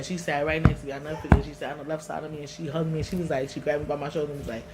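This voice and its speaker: A woman's voice: deep voice, racing, hardly any pauses, over loud music. A woman with a New York accent telling a personal story to her vlog audience in a candid, emotional way with lots of slang. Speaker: vlogger. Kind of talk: casual storytelling to camera.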